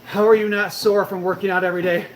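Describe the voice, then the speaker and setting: A man's voice: sits high, flat delivery, quick pace. A man chatting casually on a live stream, answering viewers' questions in a laid-back way, cursing freely and calling them bro and brother. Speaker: fitness streamer answering chat. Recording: echoey room with faint background noise.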